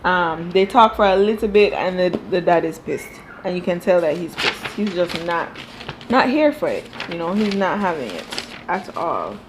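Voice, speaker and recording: A woman's voice: on the low side, animated, moderate pace, noisy background. A woman reviewing a reality show from home, talking casually and firing off exasperated rhetorical questions. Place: home room.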